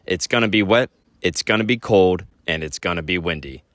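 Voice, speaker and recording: A man vlogging a hike on a rainy mountain trail, giving relaxed, practical trail tips while out of breath. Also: low-pitched, fairly quick, noisy background. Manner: relaxed, practical, self-deprecating. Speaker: hiking vlogger. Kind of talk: casual trail commentary. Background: light rain.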